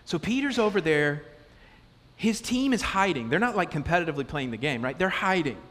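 A man preaching a sermon as pastor, conversational and animated, asking the congregation question after question. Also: on the high side, brisk. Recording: long reverb of a large hall.

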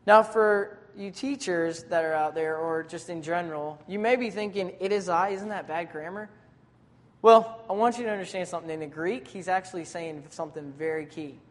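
Preacher delivering a sermon. Relaxed, slangy, animated storytelling, mid-range pitch. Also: fairly quick, hardly any pauses, big-room sound. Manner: casual, conversational preaching with modern slang; lively, dramatic retelling of scripture scenes.

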